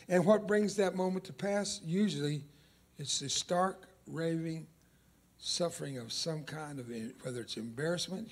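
Preaching with force, this older man, whose first language is Spanish, stretches important words and lets dramatic pauses hang. He speaks at a fairly high pitch.

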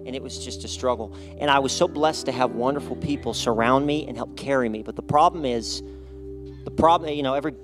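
A man's voice: medium pitch, fairly quick, over music. A man sharing his testimony at a church service, speaking with passion and raising his voice to urge the congregation.

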